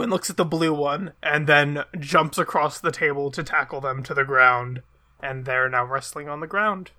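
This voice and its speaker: A man running a tabletop game, describing the scene in a measured way. His voice is bright and somewhat high. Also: fairly even intonation. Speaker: game master.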